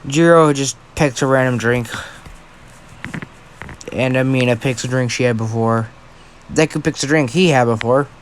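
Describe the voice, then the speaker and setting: A man's voice: mid-range voice, normal speed, pauses often, a little hiss or hum. Tired young man rambling through a story. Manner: rambling, apologetic, swears. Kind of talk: casual improvised storytelling.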